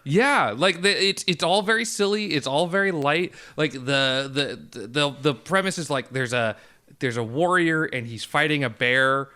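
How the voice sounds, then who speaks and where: A man with a fairly high, bright, forceful voice, co-hosting a podcast in casual chat. He talks with enthusiasm and emphasis, swearing freely. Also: normal speed. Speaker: podcast co-host.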